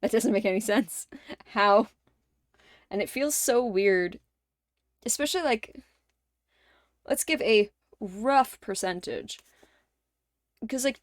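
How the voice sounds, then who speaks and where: Chatty high-voiced young woman streamer. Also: dry recording, studio quality. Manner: animated storyteller, acts out quoted lines, laughs often. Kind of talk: casual livestream chat while gaming.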